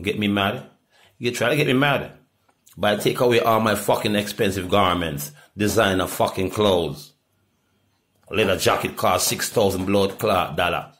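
A middle-aged Jamaican man in a rambling, profane monologue that swings from loud outbursts to low mutters. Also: moderate pace. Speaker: reggae artist.

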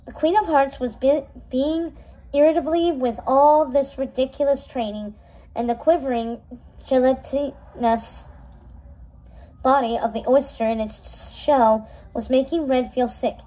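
A woman reading a novel chapter aloud in a steady storytelling manner, with small slips and restarts. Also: sits high, measured pace, low-quality recording. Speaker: read-aloud narrator.

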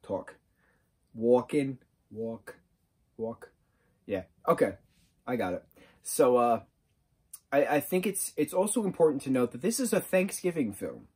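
A man giving a casual spoken movie review, rambling and excitable, full of fillers. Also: mid-range voice, moderate pace, husky.

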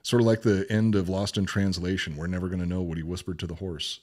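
A man's voice: low-pitched, little pitch movement, quick pace, darkish tone. A man co-hosting a podcast, reading a legend aloud in a casual way and breaking off to joke and swear. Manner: retells a legend, joking and swearing between passages. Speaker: podcast co-host.

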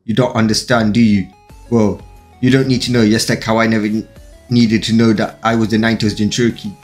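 A man voicing a cold, vengeful young man who mocks his victims with quiet menace, in a fan-fiction story reading. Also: fairly low pitch, little pitch movement, fairly quick, soft background music, natural voice.

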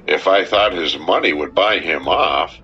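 A man voicing an earnest young man who pleads with an angry crowd in a clear, impassioned manner. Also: low-pitched, unhurried, sharp tone, lo-fi sound, soft background music.

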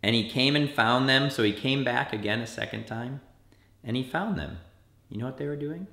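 A man as a children's pastor, telling a story to kids in an animated way and acting out the quotes with big jumps in pitch. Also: normal speed, gravelly, roomy sound. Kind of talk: kids' church sermon.

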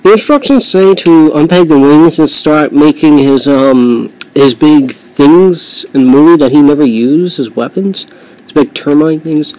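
A man's voice: on the high side, unhurried, warm tone, low-quality recording. Rambling man reviewing a toy. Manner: rambling, many fillers and self-corrections. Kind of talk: casual hands-on toy review.

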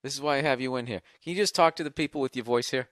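A man hosting a low-budget podcast, reading listener letters aloud with rambling, profane, wry asides. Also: very fast, a bit bright, no room sound. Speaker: podcast host. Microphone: single podcast microphone. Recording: dry close-miked sound.

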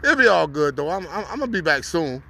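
A man talks straight to camera while out on a city street, easygoing and full of slang, laughing as he goes. His voice sits a little high and rings bright and forceful. Faint traffic noise hums underneath. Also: big pitch swings, fast, creaky. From North Carolina. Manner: laid-back slangy street talk, laughs often. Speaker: vlogger. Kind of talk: casual vlog talk to camera.

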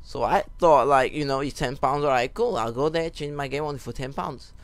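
A young man telling a rambling story while giving casual commentary over a football video game, breaking off for excited goal calls. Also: mid-range voice, a little fast, no room sound. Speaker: gaming YouTuber.

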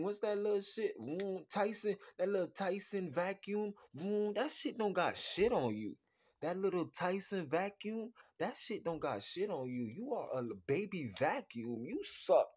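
A man hosting a podcast, ranting bluntly and crudely, swinging between muttering and loud outbursts. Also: high voice, animated, measured pace, slightly rough. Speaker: podcast host. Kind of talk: casual podcast rant.

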